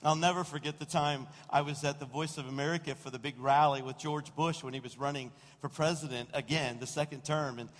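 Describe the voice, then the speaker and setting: A man preaching a sermon as senior pastor, telling stories with animated asides and acting out what people said. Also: a little high, a little fast, hardly any pauses. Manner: storytelling, animated, mimics quoted voices. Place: church sanctuary. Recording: long reverb of a large room.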